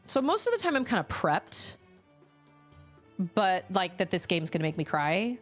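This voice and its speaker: A young woman talking casually with her chat while playing a video game, chatty and animated. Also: fairly low pitch, unhurried. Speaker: streamer. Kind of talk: casual live-stream chat while gaming. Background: faint game music.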